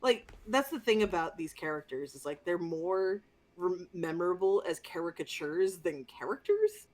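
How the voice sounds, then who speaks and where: A woman co-hosting a casual movie review podcast, telling the story in an animated, exasperated and profane way. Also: fairly low pitch, normal speed. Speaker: podcast co-host.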